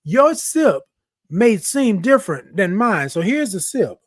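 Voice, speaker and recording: A man's voice: high-pitched, very animated, unhurried, dry recording, studio quality. A man hosting a morning livestream, playfully reading viewer comments aloud. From Texas. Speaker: livestream host. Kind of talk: casual livestream chat.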